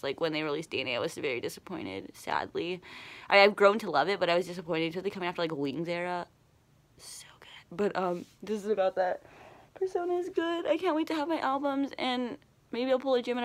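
Woman vlogger rambling and gushing to camera, lots of likes and ums. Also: medium pitch. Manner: gushing, rambling fan talk with fillers. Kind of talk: casual talk to camera.

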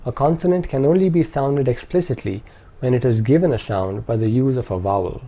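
A man calmly narrating a pronunciation lesson with measured, precise enunciation. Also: mid-range voice. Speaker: language teacher. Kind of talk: instructional narration.

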